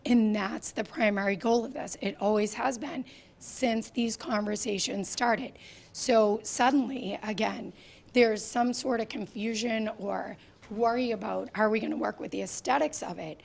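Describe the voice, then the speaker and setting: Woman, hoarse and gravelly, soft-spoken, housing official at a town meeting, higher-pitched. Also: steady tone, unhurried. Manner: soft-spoken, earnest and insistent. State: lost her voice, hoarse. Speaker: housing authority director. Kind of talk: public meeting testimony.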